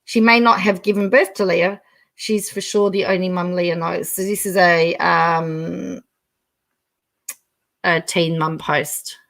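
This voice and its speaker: A woman's voice: fairly low pitch, steady tone, slow, creaky, a bit bright. A middle-aged Australian woman hosting a casual livestream, reading viewer comments aloud, chatting and laughing often.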